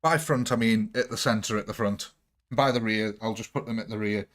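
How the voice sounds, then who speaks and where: A man's voice: fairly low pitch, moderate pace, fairly bright tone. A young man streaming a strategy game live, chatting jokily with his viewers. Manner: jokey, chatty, giggly. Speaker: gaming livestreamer. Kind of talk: live game commentary with chat.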